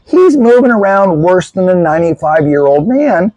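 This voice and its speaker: A man in casual storytelling mode as host of his own video channel, animated and self-mocking, and sick with a lung infection. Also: high-pitched, normal speed, no echo, low-quality recording. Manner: animated, self-mocking, gestures while telling.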